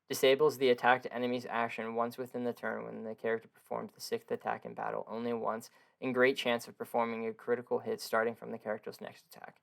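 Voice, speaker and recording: Hoarse young man reading game stats. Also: mid-range voice. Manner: flat reading of long stats, then slangy offhand comments. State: hoarse from illness. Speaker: gaming video creator. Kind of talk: reading game stat text with casual asides.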